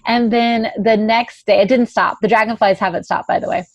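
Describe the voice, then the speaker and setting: A woman spins a personal anecdote in an easy, chatty way, slipping into the voices of people she quotes. Her voice sits at a middle pitch, and the audio is dry and a little dull, like a modest home setup. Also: steady tone, normal speed, no echo. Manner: chatty anecdotal narration, acting out quoted dialogue. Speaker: podcast guest. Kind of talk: casual storytelling.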